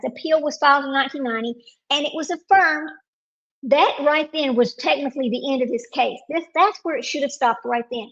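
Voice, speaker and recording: A woman's voice: high-pitched, muffled recording. A woman hosting a casual live stream, talking to viewers while searching her computer and getting frustrated.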